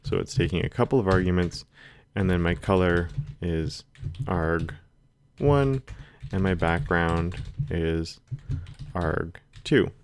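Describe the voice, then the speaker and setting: A man teaching a screen-recorded coding lesson, calmly talking through the code as he types it. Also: sits low, takes it slowly, slight background noise. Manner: relaxed, talks while typing code. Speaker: coding instructor. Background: keyboard typing.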